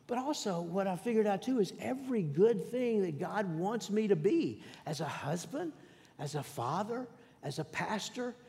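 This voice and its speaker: A male pastor telling a personal story in a sermon, in a folksy, halting way with many restarts, and dropping to a hush for prayers. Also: on the high side. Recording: long hall reverb.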